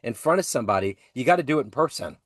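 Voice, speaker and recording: A man hosting an interview podcast, sharing a relaxed anecdote of his own and then asking his guest a reflective question. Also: medium pitch, rapid-fire, no echo, clean studio sound. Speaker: podcast host. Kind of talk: conversational interview.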